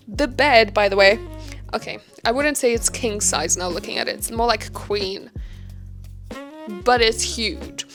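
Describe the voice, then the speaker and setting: A woman's voice: a little high, fairly bright tone. A young woman telling a casual vlog story, chatty and self-mocking, swearing freely. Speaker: vlogger. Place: hotel room.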